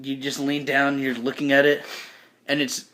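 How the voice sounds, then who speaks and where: A man's voice: medium pitch, monotone, normal speed, bright, forceful tone, a little hiss or hum. A man running a tabletop game as game master, narrating loosely with lots of laughter, fillers and swearing.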